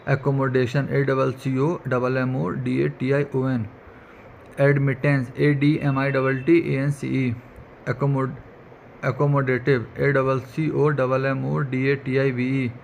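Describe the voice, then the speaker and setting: A man's voice: mid-range voice, creaky, slight background noise. A man reading vocabulary words aloud and spelling each one out letter by letter. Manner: flat, rapid letter-by-letter dictation. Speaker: vocabulary teacher.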